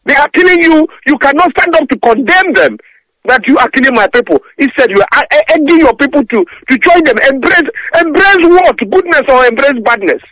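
A man's voice: very high voice, lively intonation, fairly quick, fairly bright tone, dry recording. Guy calling into a radio show, angry rant, keeps stammering, dry muffled sound. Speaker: caller. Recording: dull lo-fi phone-in audio.

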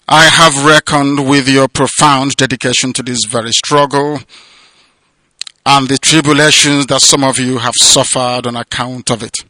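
A man delivering an impassioned political radio address, declamatory and sermon-like, swinging between loud proclamations and hushed emotional passages. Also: mid-range voice, no room sound. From southeastern Nigeria. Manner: repetitive, sermon-like cadence. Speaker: radio broadcaster and movement leader. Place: abroad, away from home.

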